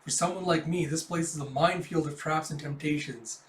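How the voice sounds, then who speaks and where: A man's voice: a little high, a little fast, natural voice. A man voicing a fretful, earnest young mother talking herself through her worries, with an echoey room and the mic at a distance. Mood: worried. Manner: fretful inner monologue. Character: anxious, earnest young mother, secretly a fighter.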